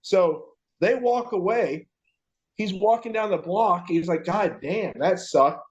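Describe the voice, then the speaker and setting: A male podcast co-host speaks slowly in a high voice, with the recording's highs cut off. Telling a story casually, he swears a lot and brings the quotes to life by acting out each voice.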